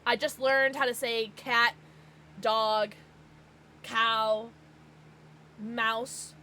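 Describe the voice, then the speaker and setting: An American woman livestreaming, chatting casually with her viewers in an excitable, bubbly way. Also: on the high side, slow pace, pauses often, a little hiss or hum. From United States. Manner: excitable, bubbly, gasps and laughs often.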